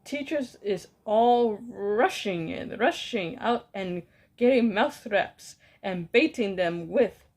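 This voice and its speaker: A woman's voice: medium pitch, creaky. A woman reading as a gloating old witch queen. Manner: gloating, broken-grammar shouting. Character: gloating evil old female witch leader.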